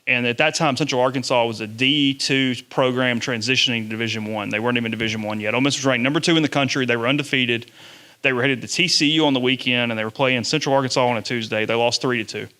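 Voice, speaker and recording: A man, a sports journalist telling lively stories to students. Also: mid-range voice, fast. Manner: animated storyteller, acts out quotes. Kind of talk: storytelling talk to students.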